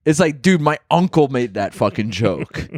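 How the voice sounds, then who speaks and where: A man's voice: mid-range voice, very animated, moderate pace, darkish tone, dry recording, clean studio sound. A man co-hosting a comedy podcast, crude and joking in casual chat. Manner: crude, joking, tells stories with quoted bits. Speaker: podcast co-host.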